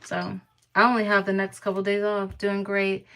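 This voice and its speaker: A woman's voice: mid-range voice, monotone, moderate pace, gravelly, a bit bright. A young woman from Florida chatting casually with her viewers and greeting people in the chat. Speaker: vlogger. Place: near Atlanta.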